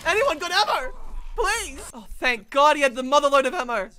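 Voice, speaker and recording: A woman giving excitable, frantic gameplay commentary, often breaking into laughs. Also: sits high, moderate pace. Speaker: gaming video creator. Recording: gunfire and game sounds behind voice. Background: game gunfire and effects.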